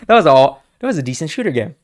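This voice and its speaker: A man's voice: on the high side, big pitch swings, quick pace. A young man co-hosting a podcast, casually chatting, joking and swearing a lot. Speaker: podcast co-host. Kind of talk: casual chat.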